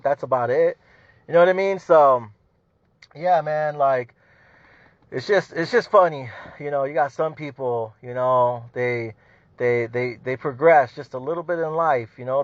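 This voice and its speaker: A man ranting on his own podcast, swearing freely and looping back to "you know what I mean." His voice sits a touch high, and the recording is dull, lo-fi and dry. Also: dry recording. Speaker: podcast host. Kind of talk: casual profane rant.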